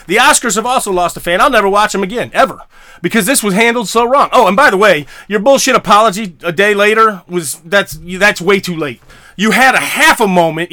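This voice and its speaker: Man, angry solo rant, high voice, bright and tense, profane, stammering. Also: dry recording. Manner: profane, heated, stammering restarts. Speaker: podcast host.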